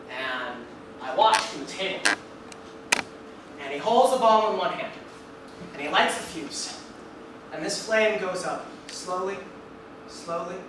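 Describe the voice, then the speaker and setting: A young man performing a one-man stage story, animated and acting out each scene. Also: high-pitched. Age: young adult. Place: theater stage before an audience. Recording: echoey live theater, distant mic, noisy.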